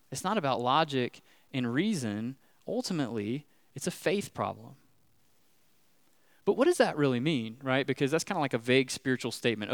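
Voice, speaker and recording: A man's voice: medium pitch, clean tone, no room sound. A man preaching a conversational sermon in a casual way, often checking in with "right?". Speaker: pastor.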